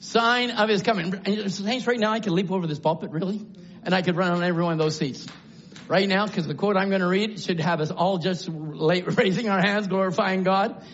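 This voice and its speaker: A male preacher delivering a sermon in a church, swinging from low musing to shouted exclamations. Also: a little fast, a little hiss or hum. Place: church sanctuary. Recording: dull lo-fi sermon recording.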